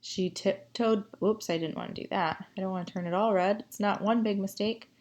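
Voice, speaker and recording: A woman's voice: mid-range voice, fairly even intonation, a little mellow. A woman teacher giving a writing lesson, reading sentences aloud and asking the class what to fix. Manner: slow, explaining, asks the class questions.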